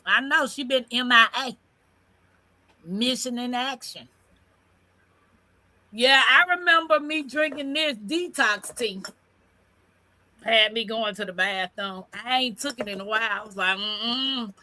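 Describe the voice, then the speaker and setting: Older woman host, high and bright, folksy chat, no teeth. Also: unhurried, long pauses, low-quality recording. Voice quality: toothless. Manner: laughing, chatty and folksy. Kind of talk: casual chat.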